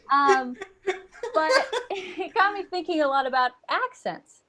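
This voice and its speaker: A woman's voice: sits high, expressive, takes it slowly, sharp tone. A young woman performing a playful stand-up set over a video call, slipping in and out of silly accents. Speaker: stand-up comedian. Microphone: computer mic on a video call.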